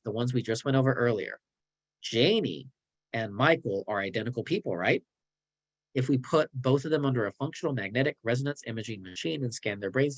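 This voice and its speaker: A man's voice: medium pitch, low-quality recording. Sarcastic man giving a clinical training. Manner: sarcastic, role-playing colleagues in quick dialogue. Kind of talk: online training presentation.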